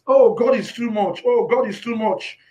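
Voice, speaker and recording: A man in the music business giving an emotional personal testimony, near tears, who keeps repeating "you understand?" and breaks into shouted praise. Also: extremely high pitch, moderate pace. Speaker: music industry professional.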